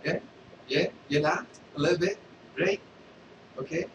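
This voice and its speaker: A man's voice: on the high side, measured pace, creaky, reverberant, distant mic, noisy background. A man hosting a casual comedy monologue who rambles and keeps checking in with his listeners. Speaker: host.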